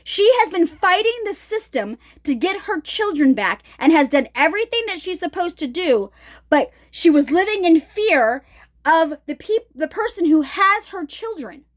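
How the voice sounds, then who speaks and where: A woman's voice: extremely high pitch, big pitch swings, moderate pace. A middle-aged woman giving an emphatic, casual testimony vlog from her ministry, checking in with her viewers often. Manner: emphatic, addresses viewers directly with repeated check-ins. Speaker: ministry vlogger.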